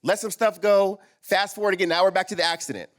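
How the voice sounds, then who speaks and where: A man's voice: sits high, fast talker. A man speaking at a live men's summit, telling a personal story and acting out the dialogue in it. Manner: animated, acts out quoted dialogue. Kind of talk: storytelling talk. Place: live event stage.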